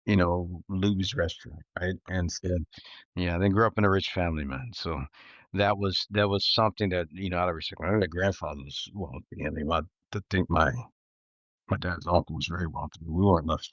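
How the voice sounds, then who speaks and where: A man talks as an interview guest in a very low voice. He is laid-back and reflective, filling his speech with "you know" and "like". The recording is dull and dry. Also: steady tone, fairly quick, fairly bright tone, no room sound. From East Texas. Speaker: guest entrepreneur. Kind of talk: casual interview chat.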